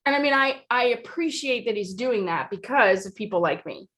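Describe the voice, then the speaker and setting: A woman's voice: a little high, lively intonation, moderate pace, fairly bright tone. A woman co-hosting a podcast in casual chat, reflective and questioning, with dry comebacks. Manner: reflective, asks probing questions, dry retorts. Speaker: podcast co-host.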